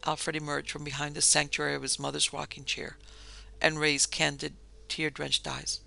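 Brief: man reading a Victorian memoir tale, measured, raspy-gravelly, slightly high. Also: monotone, bright, forceful tone. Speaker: narrator and producer. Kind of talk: storybook narration of a memoir tale.

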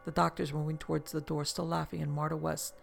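A storybook narration read in a measured, steady way. The voice is heavily gravelly and full of fry, at an ordinary middle pitch. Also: soft background music. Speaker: audiobook narrator. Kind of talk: scripted narration of a novel.

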